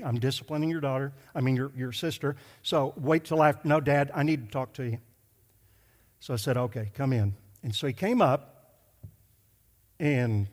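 A middle-aged male pastor telling a story in a sermon, emphatic and slowing down to stress his points. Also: medium pitch. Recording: hall reverb.

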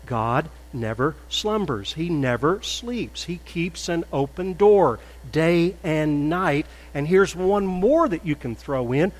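A man preaching a sermon as a pastor, measured and deliberate, rising to loud emphatic peaks. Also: fairly high pitch, lively intonation. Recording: echoey hall with faint mains hum.

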